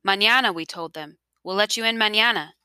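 A woman voicing an elderly grandfather, earnest and pleading about the past, then quietly resolute, in a storybook reading. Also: medium pitch, a little fast, smooth, dry recording, close to an everyday voice. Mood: remorseful. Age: over 60. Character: remorseful elderly grandfather, former official, now resolved.

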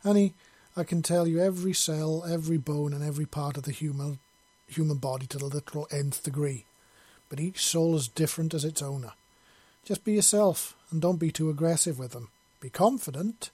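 Guy doing a warm woman, teasing and soothing, raised husky voice. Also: a little high, a little fast. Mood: encouraging. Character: warm flirty grown woman, patient adviser.

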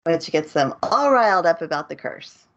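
A woman's voice: low voice, lively intonation, moderate pace. A woman co-hosting a podcast in casual chat, recapping in a laid-back, hesitant way. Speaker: podcast co-host. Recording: dull lo-fi audio.

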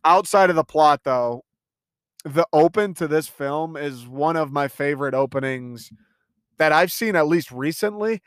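A man's voice: a little high, lively intonation, unhurried, clean tone, no echo, clean studio sound. A young man talking through a casual movie review, enthusiastic and rambling, swearing freely.

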